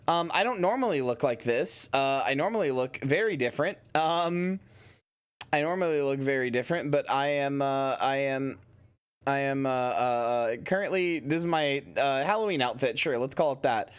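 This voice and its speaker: A tired livestreamer plays a game late at night, giving casual commentary that rambles playfully, with lots of restarts. His voice is fairly high and clean, at a normal speed.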